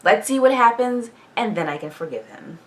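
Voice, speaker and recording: A woman recapping a TV episode in a casual, animated reaction vlog, swearing freely and laughing often. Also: fairly high pitch, normal speed, far from the mic. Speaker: TV show reaction vlogger.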